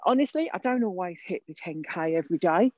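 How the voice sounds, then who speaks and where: A woman's voice: on the low side, expressive, a little fast, a little mellow, dry recording. A woman guest talking casually on a walk outdoors, hesitant with many fillers. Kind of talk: casual interview. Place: outdoor park. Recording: dull lo-fi recording.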